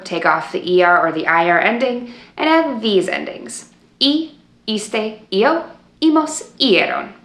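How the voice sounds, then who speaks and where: A woman teaching a Spanish lesson, slowly modeling verb forms for students to repeat. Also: mid-range voice, a bit bright, echoey room. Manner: clear, slow modeling of Spanish forms for repetition. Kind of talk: video language lesson.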